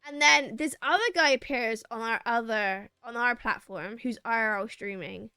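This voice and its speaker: A woman's voice: on the high side, normal speed, clear, resonant tone, no room sound, studio quality. A young woman streamer telling a rambling story to her chat, acting out what people said. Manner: animated, acts out quoted lines, rambling restarts.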